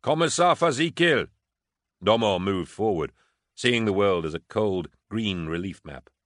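Deep-voiced male audiobook narrator. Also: a bit bright, no room sound, clean studio sound.

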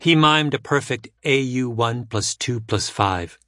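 A man reading a nonfiction audiobook in a measured way, letting his pitch fall low at the end of phrases. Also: a bit bright, dry recording, clean studio sound. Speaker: narrator. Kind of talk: scripted nonfiction audiobook narration.

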